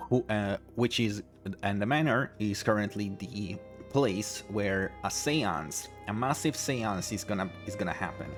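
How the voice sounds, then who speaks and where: A man streaming a video game, talking casually in a halting way with many restarts. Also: lowish voice. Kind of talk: casual gameplay commentary. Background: faint game music.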